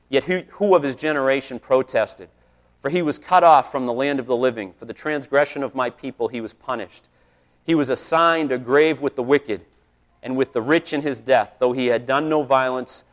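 A middle-aged man, a pastor, preaching a conversational sermon and telling personal stories, growing louder on key points. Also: mid-range voice.

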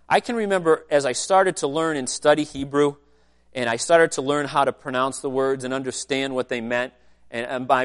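A man with a somewhat high voice preaches a teaching sermon in a church. He explains things in a relaxed, conversational way and often turns to the congregation with questions and asides. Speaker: pastor.

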